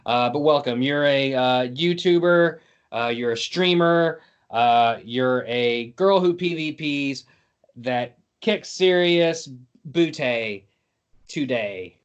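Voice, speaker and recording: A man's voice: a little high, highs cut off. Goofy man hosting a podcast. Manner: goofy, jokey storytelling. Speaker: podcast host. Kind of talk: casual comedic chat.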